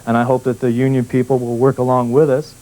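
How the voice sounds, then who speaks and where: Working man guest, mellow hesitant plain speech, 1980s news tape. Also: medium pitch, little pitch movement, fast talker, rough recording. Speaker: interview guest, plant worker.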